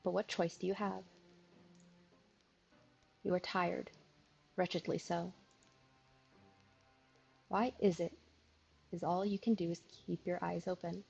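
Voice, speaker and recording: A sleepy woman streamer reading a visual novel aloud, with a gravelly, husky voice. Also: lowish voice, level tone, takes it slowly, long pauses, a little mellow, dull audio, soft background music. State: sleepy, yawning.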